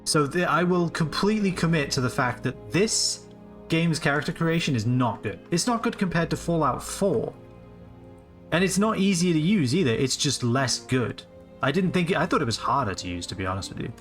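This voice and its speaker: A man's voice: a little high, animated, normal speed, a bit bright, faint music behind. A man in his late twenties giving rambling, casual live commentary on a game he is streaming, swearing freely as he goes. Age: late 20s.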